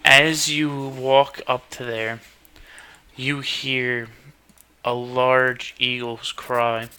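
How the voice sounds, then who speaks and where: A man's voice: medium pitch, little pitch movement, very slow, bright, forceful tone, clean tone. A man narrating as game master in a tabletop game, telling the scene in a loose, swearing way.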